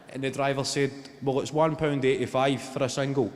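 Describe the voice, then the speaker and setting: A man with a Glaswegian Scottish accent performing a stand-up comedy routine, telling dry stories that break into shouted impressions. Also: medium pitch, normal speed. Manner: deadpan storytelling that bursts into shouted impressions. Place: large theatre stage. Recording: live theatre with long reverb, audience noise. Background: audience laughter.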